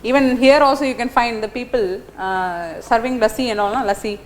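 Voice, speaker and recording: A middle-aged woman lectures a class, her voice sitting fairly high. She tells stories animatedly, peppering them with fillers and tag questions. A faint hiss of noise runs under the recording. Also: a little fast. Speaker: teacher.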